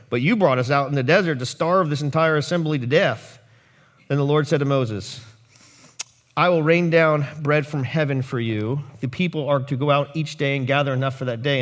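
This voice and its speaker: A male pastor preaching a sermon, animated, with jokey asides and quotes he acts out. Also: fairly high pitch.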